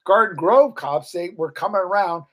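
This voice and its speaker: A man's voice: high voice, normal speed, over a noisy crowd. A middle-aged man and former metal guitarist, telling rambling, profane party stories in casual chat and acting out the people he quotes.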